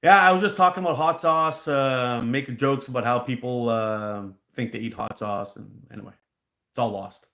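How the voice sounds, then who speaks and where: A man hosting a casual live stream about hot sauce, a rambling, animated storyteller who laughs at his own stories. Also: mid-range voice, normal speed, roomy sound. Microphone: handheld mic pulled out.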